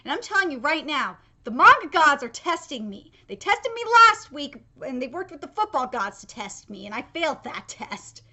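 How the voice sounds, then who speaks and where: Young woman gushing in a reaction vlog, super high and bright, swears a lot, squeals. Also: normal speed, hardly any pauses. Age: young adult. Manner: excitable, swears, shrieks with delight. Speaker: manga reaction vlogger.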